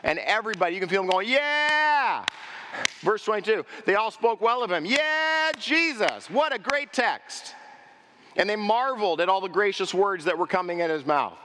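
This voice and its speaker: A man's voice: sits high, quick pace, few pauses, background noise. Preaching man in a reverberant church. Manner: animated preaching, asks the congregation questions, acts out crowd voices. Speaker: pastor. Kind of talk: sermon. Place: church sanctuary. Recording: long hall reverb.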